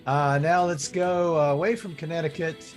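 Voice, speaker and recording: A man's voice: a little high, fairly even intonation, normal speed, faint music behind. Upbeat man hosting an improv show. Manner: upbeat, jokey. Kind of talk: introducing players on a video call. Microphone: video call.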